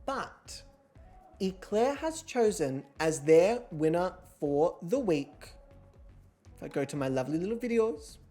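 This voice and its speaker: A woman's voice: fairly low pitch, very animated, measured pace, mellow, soft background music. Playful, theatrical woman hosting a show. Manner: playful, theatrical, swears casually. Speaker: host. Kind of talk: livestream game show hosting.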